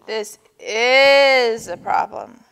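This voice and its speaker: A woman voicing a gloomy walrus who moans his worries slowly and low. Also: animated, vocal fry, a bit bright, in a large hall, full character voice. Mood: worried. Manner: slow low moaning. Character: gloomy groaning male walrus.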